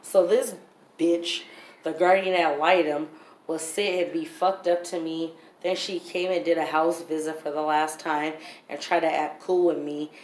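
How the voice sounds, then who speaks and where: A woman's voice: sits low, steady tone, measured pace. A woman vlogger telling her story in a blunt, heated, profane way. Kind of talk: storytime vlog. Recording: roomy echo, faint background noise.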